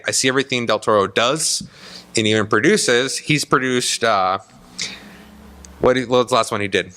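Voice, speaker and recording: A man co-hosting a casual podcast, telling stories in a rambling, animated way from a small room. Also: lowish voice. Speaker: podcast co-host. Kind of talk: casual chat.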